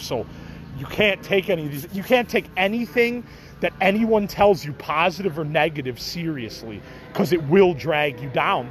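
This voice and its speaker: A man's voice: fairly high pitch, a little hiss or hum, low-quality recording. Rambling, profane middle-aged man. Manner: profane, rambling, laughs things off. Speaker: podcast host. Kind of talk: casual rambling monologue.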